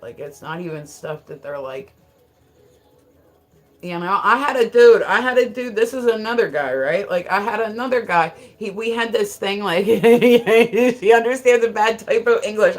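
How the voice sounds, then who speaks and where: Woman streamer, chatty and frank, keeps saying like, jokes around. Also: mid-range voice. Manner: rambling, frequent filler words; joking and frank. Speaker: live streamer. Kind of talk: casual live-stream chat.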